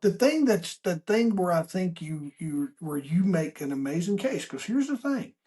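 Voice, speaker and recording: A man hosting a podcast, chatting casually and telling stories with lively acted-out dialogue. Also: sits high, normal speed. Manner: animated storyteller who acts out quoted dialogue; chatty, with frequent restarts and asides. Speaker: podcast host. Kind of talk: casual conversational interview.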